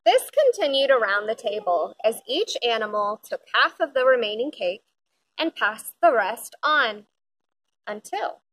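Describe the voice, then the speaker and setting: A woman reading a children's picture book aloud, with expressive, lively storytelling. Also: a little high, a little slow, poor audio. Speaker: storybook reader.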